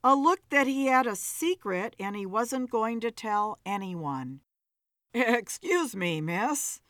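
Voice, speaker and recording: Slow, dry-voiced woman narrating a story. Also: a little high, lively intonation, fairly bright tone, no room sound. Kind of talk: audiobook narration.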